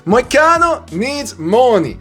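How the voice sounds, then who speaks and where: Guy doing a thick-accent fighter, eager, higher voice, clipped words. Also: big pitch swings, slow pace, a bit bright, exaggerated voice.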